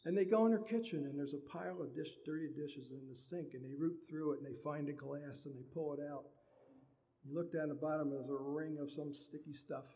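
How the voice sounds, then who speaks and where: A man's voice: a little high, fairly quick, mellow. A man preaching a sermon in a conversational way, acting out everyday dialogue. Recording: long hall reverb.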